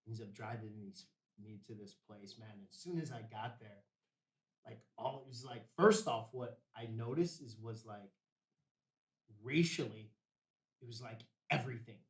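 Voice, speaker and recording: A man's voice: mid-range voice, normal speed. A man, a podcast guest, telling a story in a casual, rambling, profane way with streetwise slang. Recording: roomy, distant mic.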